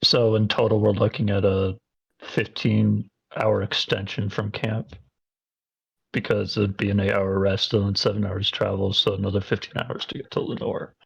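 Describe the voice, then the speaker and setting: A man playing a tabletop game, slowly working out travel times aloud. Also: fairly low pitch, flat delivery, creaky, slightly rough. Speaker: player. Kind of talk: casual game talk. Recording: dull lo-fi mic.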